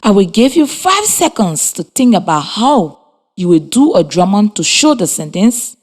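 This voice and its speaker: A woman teacher giving a scripted radio lesson to children, encouraging and clear, spelling words out letter by letter. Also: medium pitch, very animated, moderate pace, darkish tone. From Liberia. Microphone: radio studio mic.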